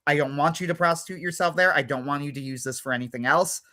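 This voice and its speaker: A man with a fairly high, bright and forceful voice, talking casually on a livestream. He retells a story by acting out both sides of each exchange and peppers his speech with "like" and "right?". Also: fast talker. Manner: retells scenes with lots of "like" and quoted back-and-forth. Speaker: livestream co-host. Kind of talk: casual chat.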